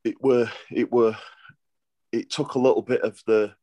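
A man's voice: mid-range voice, fairly even intonation, normal speed, warm tone, no room sound, highs cut off. A middle-aged man with a Yorkshire accent, a boxer telling stories in a casual interview, rambling with lots of restarts and broad dialect.

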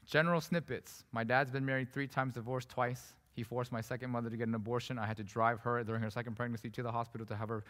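A male pastor delivers a sermon at a quick clip, his voice bright and forceful. He tells his story in a conversational, emphatic way. The sound carries the long reverb of a sanctuary with a faint guitar underneath. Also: medium pitch, little pitch movement. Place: church sanctuary. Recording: preached in a reverberant hall with soft guitar behind.

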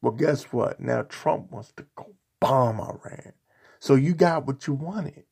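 A man's voice: medium pitch, a little slow, vocal fry, a little mellow, breathy edge. A man delivering a sarcastic, mocking opinion rant on a vlog, hammering his points with repetition and insults. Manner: repetitive, emphatic rhetoric. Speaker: political commentator.

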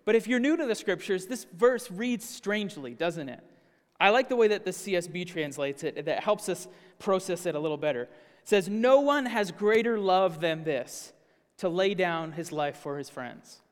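A man's voice: high voice, expressive, normal speed. A man giving an earnest teaching sermon as a pastor, often asking the congregation questions. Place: church sanctuary. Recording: long reverb of a hall.

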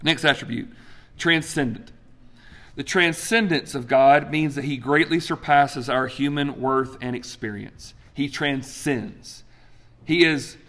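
Animated man preaching a sermon. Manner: animated, acts out quotes with big pitch jumps. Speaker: pastor.

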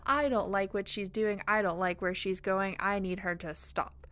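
A woman's voice: medium pitch, fairly even intonation, normal speed, fairly bright tone, lightly acted. A woman voicing a taunting, spiteful enemy spirit in a whiny, mocking tone.

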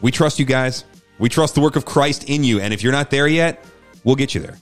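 A man's voice: mid-range voice, brisk, faint music behind. A man who is a pastor, talking casually and earnestly on a teaching podcast, encouraging listeners with lots of conversational fillers.

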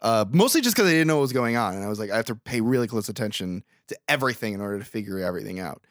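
A man's voice: fairly low pitch, lively intonation, very fast, no room sound, studio quality. A man co-hosting a podcast in casual chat, asking puzzled questions and adding wry remarks. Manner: quizzical, wry interjections. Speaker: podcast co-host.

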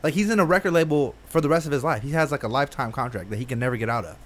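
A man's voice: mid-range voice, racing. A young man in casual podcast chat, slangy and rambling, full of "like" and "bro".

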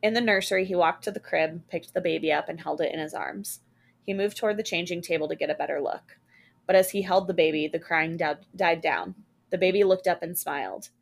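A woman podcast host reading a scary story aloud, expressive, with small character voices. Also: fairly low pitch, brisk, creaky.

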